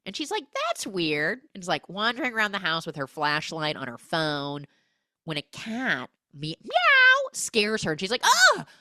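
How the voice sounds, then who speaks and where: Animated woman recapping a film. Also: fairly low pitch, no echo, studio quality. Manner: animated, acts out characters' lines in quick voices. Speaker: podcast host.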